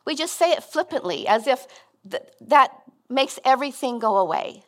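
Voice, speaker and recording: A woman's voice: high voice, lively intonation, moderate pace. Earnest middle-aged woman preaching. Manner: conversational, earnest, with frequent restarts. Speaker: guest speaker. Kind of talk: sermon.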